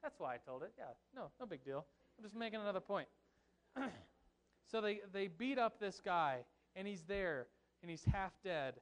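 A young man preaching a sermon as pastor, telling a Bible story in an animated, joking way with asides to his congregation. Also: sits high, moderate pace.

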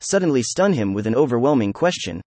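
An excitable young nobleman, read by a man in a steady mid-range voice, effusive and proud as he pushes back against his questioners. The sound is dry and close, with no room around it. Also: mid-range voice, fast talker, no echo. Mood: defiant. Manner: effusive, emphatic, laughing.

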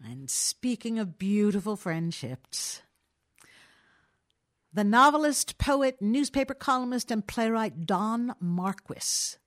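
A woman narrating and introducing classic stories in an expressive storytelling style. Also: mid-range voice. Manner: expressive, lively. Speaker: reader, narrator.

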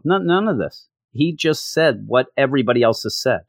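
A man's voice: mid-range voice, animated, normal speed, no room sound, studio quality. A man casually recapping a comic issue with sarcastic, rambling commentary and frequent stammered restarts. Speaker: comic book podcast host.

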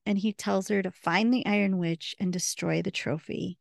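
A woman's voice: medium pitch, steady tone, moderate pace, creaky, hardly any pauses, dry recording, studio quality. A woman co-hosting a podcast, chatting casually and recounting scenes with quoted dialogue. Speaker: podcast co-host. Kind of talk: casual recap chat.

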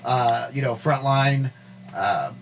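A man co-hosting a podcast, telling a rambling, animated story with lots of fillers in a casual chat. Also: medium pitch, takes it slowly, crowd noise. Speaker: podcast co-host.

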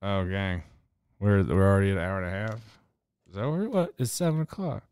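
A man's voice: sits low, moderate pace, darkish tone, clean tone, no echo, clean studio sound. A man hosting a podcast in casual, rambling chat, swearing often and slipping into heated rants. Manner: profane, rambling, ranting. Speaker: podcast host.

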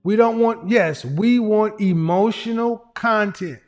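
Man, high voice, livestream advice host, emphatic, repetitive, swears, faint music behind. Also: slow, a little mellow. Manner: emphatic, repetitive lecturing with profanity.

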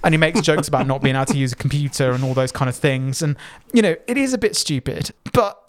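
A man's voice: medium pitch, quick pace. Chatty man reviewing a podcast. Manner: chatty, rambling with fillers and restarts. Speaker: podcast co-host. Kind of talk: casual podcast review chat.

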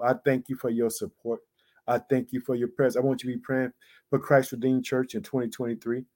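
Male pastor, high voice, exuberant podcast sermon with bursts of shouting. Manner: exuberant, repetitive exclamations, shouts praise.

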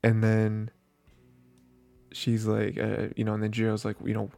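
Gravelly low-voiced man recapping anime. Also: monotone, measured pace, long pauses, soft background music. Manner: rambling, frequent fillers and soft laughs. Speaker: anime podcast host. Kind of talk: casual episode recap.

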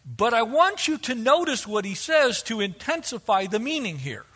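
A male preacher with a high, bright voice that swoops all over as he speaks. He is animated and slips into quoted voices to make his point. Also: moderate pace, husky. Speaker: pastor. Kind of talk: sermon.

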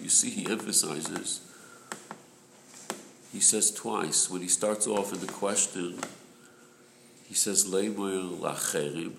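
Leading a Torah study group, a man with a gravelly low voice works patiently through a religious text, going back over his main point and occasionally clearing his throat. The room echoes, and there's faint noise behind him.

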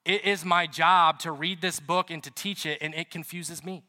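A man's voice: a little high, steady tone, moderate pace, pushed and bright. A man preaching a sermon as pastor, chatty and storytelling, with emphatic repetition. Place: church. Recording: reverberant hall.

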